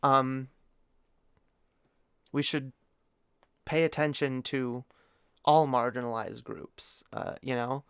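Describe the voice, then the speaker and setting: A man's voice: medium pitch, steady tone, takes it slowly, long pauses, a bit bright, smooth, no room sound, studio quality. A man talking to his chat on a live stream, rambling and opinionated, swearing casually among lots of fillers and restarts. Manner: earnest and opinionated, addresses chat directly.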